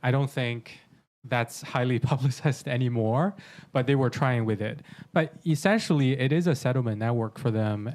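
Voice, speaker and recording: Measured man explaining as panelist. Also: medium pitch, a little mellow. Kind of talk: casual panel discussion. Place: conference room panel.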